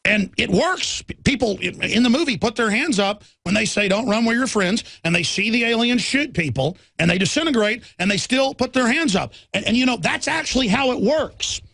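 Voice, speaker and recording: A man's voice: extremely high pitch, animated, fairly quick, gravelly, few pauses, pushed and bright, slightly rough, dry recording. A man hosting a political radio talk show, ranting in a fiery, combative way from a studio.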